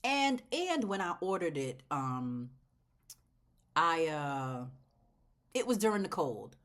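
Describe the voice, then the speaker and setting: Expressive woman plant vlogger. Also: sits low, takes it slowly. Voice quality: expressive, swinging between loud exclamations and soft near-whispers. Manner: chatty and heartfelt, talking straight to viewers as y'all. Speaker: plant channel host. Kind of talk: casual plant vlog.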